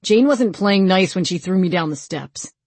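A woman's voice: fairly low pitch, expressive, moderate pace, a little mellow, breathy edge, dry recording. A woman voicing a sulky young man who whines and complains, in a storybook reading. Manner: whiny, aggrieved.

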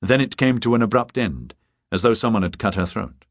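Deep-voiced male audiobook narrator. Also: fairly quick, no echo, clean studio sound. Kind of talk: scripted narration.

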